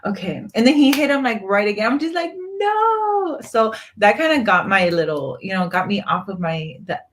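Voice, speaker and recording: Animated woman chatting about wrestling. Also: a little fast, slight background noise. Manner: animated, laughing, swings up in pitch. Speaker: podcast co-host. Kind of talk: casual wrestling chat.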